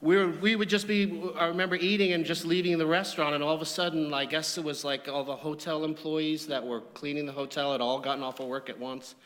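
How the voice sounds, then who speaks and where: A man's voice: on the high side, steady tone, quick pace, few pauses, fairly bright tone. A man giving a memorial eulogy, telling humorous anecdotes in an easygoing storytelling way. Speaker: eulogy speaker. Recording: long hall reverb.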